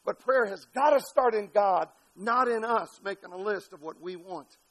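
A man preaching an impassioned sermon, building to shouted peaks and dropping to quiet, low passages. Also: moderate pace, rough recording. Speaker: pastor.

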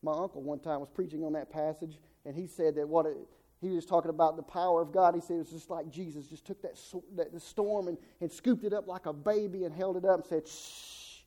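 A man's voice: on the high side, steady tone, fast, warm tone. A middle-aged man preaching a sermon in a folksy way, stumbling over repeated words and acting out the people he quotes.

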